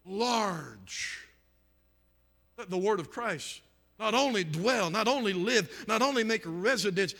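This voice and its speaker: A middle-aged man preaches a live church sermon in a high, animated voice with a piercing, forceful edge. He stacks up repeated phrases in an emphatic cadence, rising to shouts and then sinking to hushed, almost whispered lines. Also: big-room sound. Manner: swings from shouting to near-whispers. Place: church meeting, live stream.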